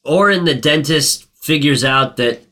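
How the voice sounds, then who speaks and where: Man, bright voice, casual chat, rambling, swears a lot, acts out scenes. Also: fairly high pitch. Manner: profane, rambling, quick to act out lines. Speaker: podcast co-host recapping a movie.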